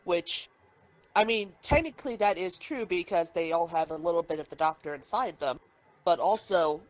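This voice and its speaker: A woman's voice: on the low side, expressive, normal speed, poor audio. A woman co-hosting a casual review podcast, talking heatedly, swearing freely and firing off objections. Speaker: podcast co-host. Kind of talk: casual chat, episode review.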